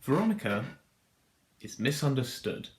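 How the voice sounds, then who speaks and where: A man narrates a scripted video analysis with a dry, mock-grand deadpan. His voice sits at an everyday middle pitch. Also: moderate pace, background noise. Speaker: video host.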